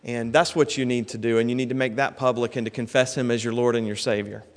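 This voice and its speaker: A male pastor giving a measured, slightly halting invitation at the end of a service. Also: mid-range voice, fairly even intonation. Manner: measured, hesitant with fillers. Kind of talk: sermon invitation. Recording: reverberant hall.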